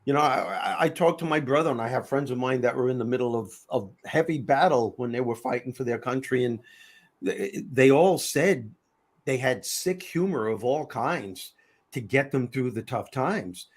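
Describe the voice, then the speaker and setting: A middle-aged man with a New York accent hosting a casual panel chat, telling animated stories in bursts with many restarts. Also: medium pitch, normal speed. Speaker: host.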